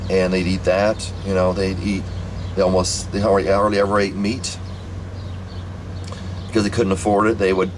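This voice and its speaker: Low-voiced rambling man telling a story. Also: little pitch movement, normal speed, pauses often, background noise. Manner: rambling, repetitive, many restarts. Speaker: vlogger telling a family story. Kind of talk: casual storytelling monologue.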